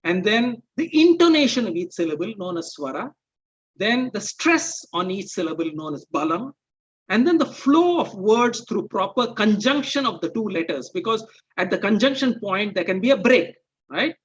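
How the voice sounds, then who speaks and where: A man with a fairly high, slightly husky voice walks listeners through an explanatory talk in a measured way. He keeps stopping to check in with the audience. The recording sounds muffled and lo-fi. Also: lively intonation. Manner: measured, explaining with rhetorical checks like "okay?" and "right?". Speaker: presenter.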